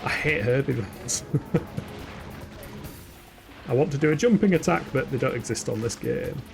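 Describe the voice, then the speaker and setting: A man's voice: medium pitch, lively intonation, normal speed, creaky, music in the background. A man from England with a Yorkshire accent, giving jokey, chatty live commentary while playing a video game and answering chat questions. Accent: Yorkshire English. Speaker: gaming streamer. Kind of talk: live let's-play commentary.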